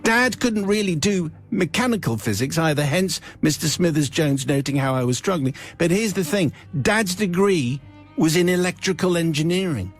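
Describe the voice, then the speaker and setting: A man's voice: a little high, lively intonation, normal speed, faint music behind. A male radio host reading out a listener's confession, with wry, playful asides.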